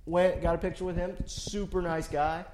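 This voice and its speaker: A man's voice: high voice, flat delivery, moderate pace, darkish tone, slight background noise. A man in his late twenties, co-hosting a podcast, telling a story in casual chat with dry asides and plenty of swearing. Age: late 20s. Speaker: podcast co-host.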